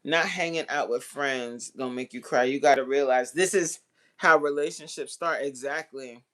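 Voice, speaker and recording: A woman's voice: a bass voice, moderate pace, fairly bright tone. A woman hosting a casual livestream, reading out chat comments and bantering back in a playful, teasing way.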